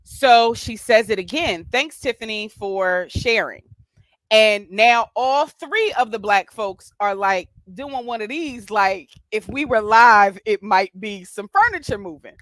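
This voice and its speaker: Woman, guest on a live stream, storytelling, filler-heavy, animated, dry sound. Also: on the high side, a little slow, few pauses, no echo. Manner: animated, many fillers and restarts. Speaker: guest with a doctorate.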